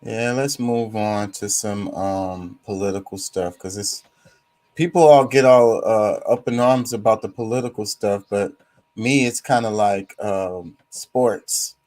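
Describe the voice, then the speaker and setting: A man's voice: fairly low pitch, a little slow, darkish tone. A man hosting a casual talk show, speaking with passion and swearing freely. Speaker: podcast host. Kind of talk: casual chat.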